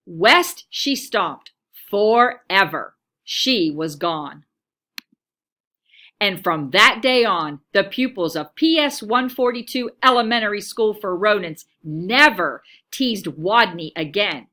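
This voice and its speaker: A woman's voice: medium pitch, slow pace. A woman teacher reading a children's picture book aloud, telling it expressively. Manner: expressive storytelling, lively.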